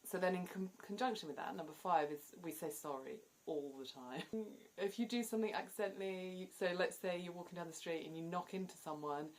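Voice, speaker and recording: A woman from southern England with a deep, low-set voice talks casually to her viewers in a relaxed vlog. Her southern English accent is plain throughout. She keeps things chatty and often laughs between her points. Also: brisk, hardly any pauses. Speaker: vlogger.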